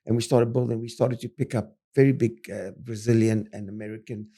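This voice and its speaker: An older South African man speaking as an interview guest at a middle pitch. He tells his business stories with animated, punchy bursts. He stumbles over fillers and restarts along the way. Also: fairly quick. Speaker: property developer guest. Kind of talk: interview storytelling.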